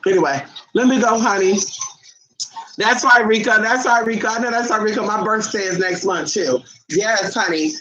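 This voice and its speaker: A woman's voice: medium pitch, moderate pace, bright, forceful tone, a little hiss or hum. A woman host chatting casually and playfully with her viewers, often calling them honey. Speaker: channel host. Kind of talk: casual live chat with viewers. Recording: dull lo-fi recording.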